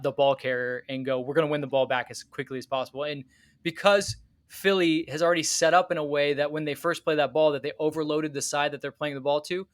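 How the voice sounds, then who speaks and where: A man on a casual soccer podcast explains tactics patiently and step by step. His voice sits a little high, and the sound is dry and close. He talks like someone used to walking friends through the game. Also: fairly bright tone, no room sound.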